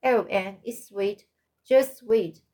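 A woman's voice: mid-range voice, takes it slowly, mellow, natural voice. A woman reading the part of an earnest, devoted teenage girl friend in a storybook. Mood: delighted.

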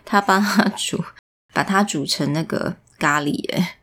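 A woman with a medium-pitched voice reads slowly from a storybook to a child. Her bilingual telling is playful and peppered with questions, switching languages along the way.

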